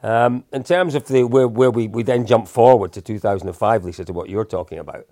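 A man in his fifties tells a story on a podcast in a low voice with a gravelly edge. He is chatty and pokes fun at himself as he goes. The sound is dry and close, with no room echo. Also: a little fast, warm tone. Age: 50s. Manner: chatty and self-deprecating, with frequent restarts. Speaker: podcast co-host. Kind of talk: anecdotal storytelling, casual chat.

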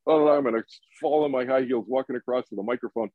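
Man, podcast guest, meditation teacher, husky, dry dull recording. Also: mid-range voice, very fast, dry recording. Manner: animated, acts out quotes, asks rhetorical questions. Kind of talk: podcast interview talk.

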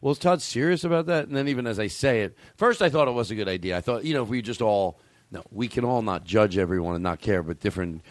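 A man's voice: fairly low pitch, fast, no echo. A man hosting a comedy podcast, chatting casually and rambling through self-corrections. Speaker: podcast host.

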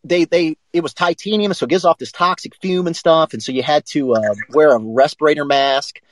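Man, sports talk co-host with a slightly raised pitch, swears freely and rambles through stories; dry close mic. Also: a little fast, dry recording, low-quality recording. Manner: profane, rambling, animated anecdotes. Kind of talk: casual storytelling on a live show.

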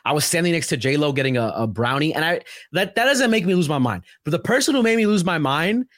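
A young man from Brooklyn, rambling in a casual podcast chat, full of "like" and quick asides. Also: fairly high pitch, dry recording, clean studio sound. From Brooklyn, New York. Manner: rambling, animated, heavy on filler "like".

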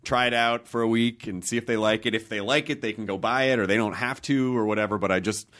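A man's voice: lowish voice, steady tone, quick pace, fairly bright tone. A man, a touring stand-up comedian, chatting casually in a rambling, self-deprecating way.

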